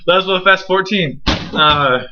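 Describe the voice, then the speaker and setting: A young man co-hosting a casual wrestling review, telling stories in an excitable, jokey way. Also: sits high, takes it slowly, background noise. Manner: excitable, jokey storytelling with acted asides. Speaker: co-host, divas correspondent. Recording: lo-fi home recording.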